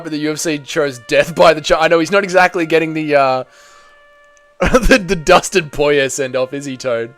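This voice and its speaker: A man's voice: on the high side, expressive, brisk, faint music behind. A young man hosting a live fight watch-along, chatting casually and joking while answering the chat. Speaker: host.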